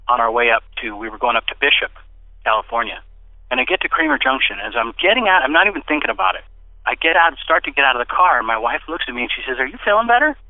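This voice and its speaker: Excited man telling his story over a phone line. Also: dry recording. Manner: animated storyteller who bursts into excited, high-pitched quoted speech. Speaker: interview guest. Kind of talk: personal testimony in casual conversation. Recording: dry, tinny phone-like line.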